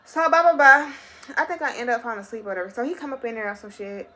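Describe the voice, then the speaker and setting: A young adult woman telling a personal story to her viewers in a casual, animated and very profane way. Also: fairly high pitch, fast. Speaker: vlogger.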